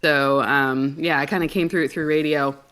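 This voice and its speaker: A woman's voice: low voice, steady tone, moderate pace, fairly bright tone. A woman, a voice actor, chatting on a call in a bubbly, giggly way. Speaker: voice actor guest. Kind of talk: casual video-call chat.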